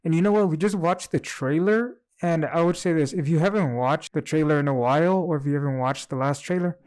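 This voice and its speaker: A man co-hosting a casual movie review chat, giving his opinions in a relaxed, rambling way. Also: on the high side, brisk.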